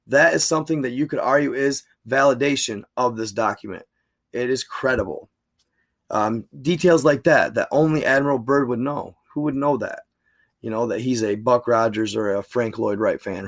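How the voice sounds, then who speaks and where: A man's voice: medium pitch, no room sound, clean studio sound. Man reading a diary with chatty asides. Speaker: channel host reading a document aloud. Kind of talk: reading a diary aloud with casual commentary.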